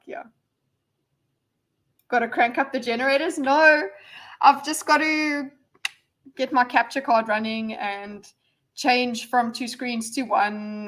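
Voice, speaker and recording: A woman's voice: on the high side, a bit bright. A woman hosting a casual livestream, rambling and reading viewers' messages aloud with lots of fillers and restarts. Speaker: livestream host.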